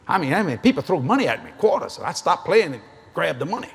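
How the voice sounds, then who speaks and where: A man's voice: fairly high pitch, very animated, quick pace, vocal fry, heavy background noise. A male preacher with a Cajun Louisiana accent, telling folksy, joking stories in a sermon and laughing often. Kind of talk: sermon storytelling.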